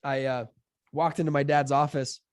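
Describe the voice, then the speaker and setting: A man's voice: medium pitch, moderate pace, clean tone, no echo, studio quality. A young adult man, a podcast guest, casually telling a long personal story with lots of fillers and acted-out quotes. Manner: chatty, filler-heavy, acts out quotes with lively voices. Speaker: podcast guest, fund founder.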